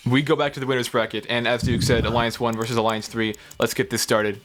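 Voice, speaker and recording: Bright male play-by-play caller. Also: medium pitch, little pitch movement, fast. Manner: calls the action in short bursts. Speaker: play-by-play commentator. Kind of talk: play-by-play game commentary.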